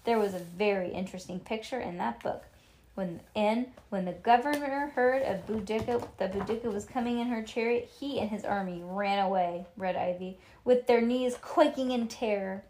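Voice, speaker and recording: A woman reading a children's book aloud to a child, lively and animated, with little asides. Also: medium pitch, moderate pace.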